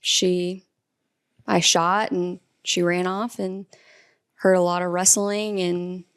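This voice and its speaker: Smooth-voiced woman, hesitant and soft-spoken. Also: lowish voice, little pitch movement, takes it slowly, no echo, clean studio sound. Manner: hesitant, with frequent "um". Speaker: guest, hunter's wife. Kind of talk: casual storytelling.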